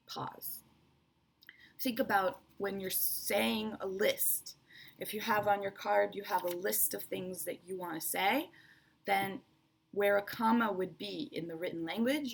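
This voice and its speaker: Her voice is mid-range and creaky, fairly bright, with a slight roughness. She is giving an online lesson on English presentation skills, breaking it down step by step, repeating the essentials, and frequently asking "right?" or saying "okay."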